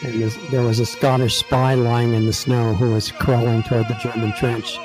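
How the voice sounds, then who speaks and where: Guy hosting a talk show, retelling a movie all animated, faint music behind. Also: mid-range voice, moderate pace, poor audio. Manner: animated, acts out characters' thoughts. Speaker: online talk show host. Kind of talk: casual storytelling, retelling a film scene.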